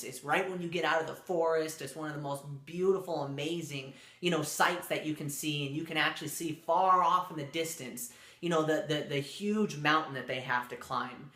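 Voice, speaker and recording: A man's voice: fairly high pitch, normal speed, hardly any pauses, sharp tone, echoey room. A man casually telling a spoken story, rambling with fillers and restarts.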